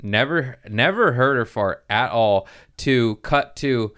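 Clear-voiced man in casual chat. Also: mid-range voice, takes it slowly. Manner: animated, swearing, acts out voices in quotes. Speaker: comedian podcast host.

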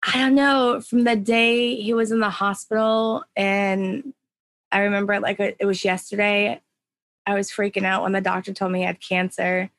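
A woman speaking as a guest in a casual interview, a mother talking in an emotional, halting way with many fillers and restarts. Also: mid-range voice, flat delivery, a bit bright. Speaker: parent of a young patient.

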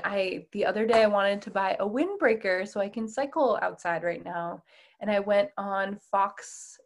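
A woman's voice: medium pitch, gravelly. A woman guest on a podcast, a whitewater kayaker, who talks casually and with self-deprecating humor, often laughing mid-sentence. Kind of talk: casual conversational interview.

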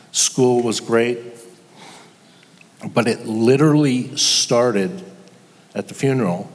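An older man telling a personal story as a guest before an audience, halting with pauses and restarts. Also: mid-range voice, long reverb tail. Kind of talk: personal testimony to a live audience.

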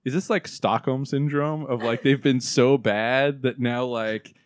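A man's voice: mid-range voice, steady tone, measured pace, no room sound, clean studio sound. A man co-hosting a casual podcast, rambling with many fillers. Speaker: podcast co-host. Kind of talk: casual chat.

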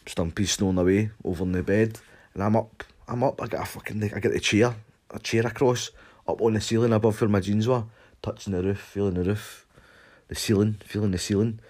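A man's voice: on the low side, brisk. Sweary Scottish man telling a story. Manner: swears constantly, animated retelling with shouted quotes. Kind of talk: casual anecdote to camera.

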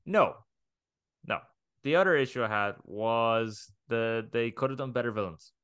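A man co-hosting a podcast, chatting casually, animated, swearing freely and laughing often. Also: mid-range voice, unhurried, clean tone, no room sound, clean studio sound. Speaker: podcast co-host. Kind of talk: casual chat.

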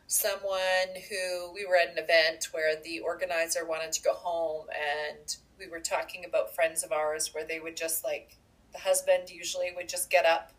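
A woman co-hosting a podcast, chatting casually and telling stories with lively asides. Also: on the low side, rough recording. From Canada. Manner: chatty, animated storytelling with asides. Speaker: podcast co-host. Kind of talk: casual chat.

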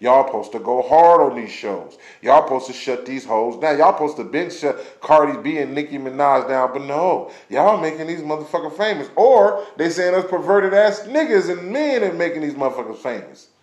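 A man's voice: fairly high pitch, animated, normal speed, few pauses, darkish tone, reverberant. A man delivering a blunt, passionate rant full of profanity, as in a recorded vlog. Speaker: vlogger ranting on camera.

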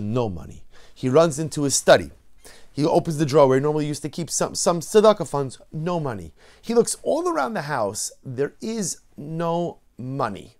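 A man who is a rabbi, telling a story in a sermon in an animated, dramatic way. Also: medium pitch.

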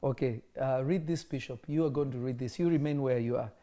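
A woman's voice: rumbling low, fairly quick, warm tone. A woman teaching scripture, pressing her listeners with questions and laughing often. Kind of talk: interactive Bible teaching.

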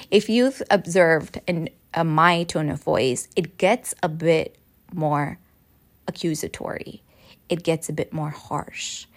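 A woman talking straight to her viewers and coaching them through advice tips, now and then acting out sample lines. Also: lowish voice. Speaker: advice presenter. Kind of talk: direct-to-camera advice talk.

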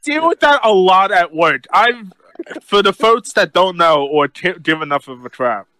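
A man chatting as a podcast co-host, rambling and self-mocking in a casual, animated way. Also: high-pitched, moderate pace, no echo. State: deaf in left ear. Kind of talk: casual chat.

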